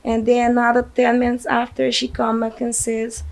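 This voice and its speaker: A woman's voice: on the high side, completely flat delivery, gravelly, a little mellow, low-quality recording. A woman with a Guyanese accent, a grieving mother telling a news reporter how she learned of her son's death, in distressed bursts. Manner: distressed, recounting events in rushed bursts. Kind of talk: emotional news interview.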